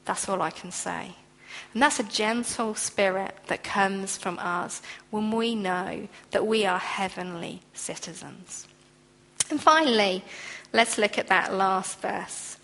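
A woman's voice: mid-range voice, slow pace, gravelly, fairly bright tone. A woman preaching a sermon in an earnest, conversational way, now and then acting out quoted voices. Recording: long hall reverb.

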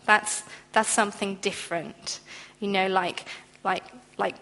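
A woman's voice: mid-range voice, fairly even intonation, measured pace, pushed and bright. A woman preaching a sermon in an earnest, conversational way, now and then acting out quoted voices. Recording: long hall reverb.

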